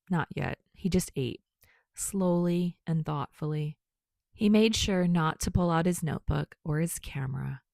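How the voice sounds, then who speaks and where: A woman reading fan fiction aloud as a podcast narrator, in calm, even storytelling. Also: sits low, vocal fry, no echo, clean studio sound. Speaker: podfic reader.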